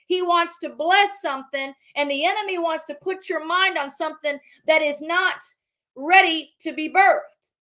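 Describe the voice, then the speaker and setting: Fervent high bright-voiced woman preaching. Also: normal speed. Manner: fervent, repetitive, decreeing. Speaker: prophetic minister. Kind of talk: livestream preaching.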